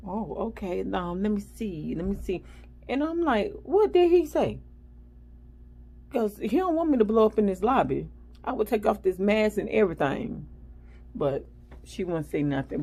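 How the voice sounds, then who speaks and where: A woman's voice: low voice, breathy edge, rough recording. A woman vlogger chatting casually and animatedly as she tells a story. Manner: chatty, animated, acts out the people in her story.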